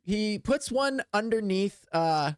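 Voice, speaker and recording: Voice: medium pitch, expressive, slow, clear, resonant tone, no room sound, studio quality. A game master narrating a tabletop game in a casual, rambling way full of fillers.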